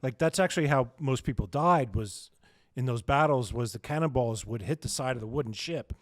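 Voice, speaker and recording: A man co-hosting a podcast in casual chat, jokey and laughing often, slipping into quick mock voices. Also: medium pitch, dry recording, clean studio sound. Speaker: podcast co-host.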